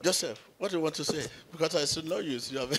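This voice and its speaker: A pastor, a middle-aged man, is addressing his congregation. He tells a story with lively swings and bursts of loud exclamation. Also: fairly high pitch, fast talker, heavy background noise. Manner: animated storyteller who acts out quotes with sudden loud exclamations. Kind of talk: preaching, telling a story to a congregation.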